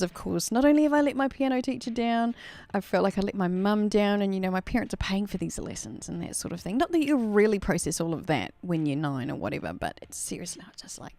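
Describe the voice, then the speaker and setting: A woman's voice: mid-range voice, a little mellow. A woman, a live-stream host, telling a childhood story in a chatty, candid way and laughing at herself. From Australia.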